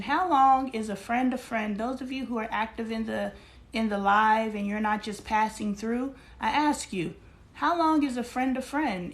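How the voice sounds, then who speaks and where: A woman hosting a live stream, musing aloud about friendship and asking her listeners questions. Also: medium pitch. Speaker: livestream host. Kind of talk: reflective casual monologue.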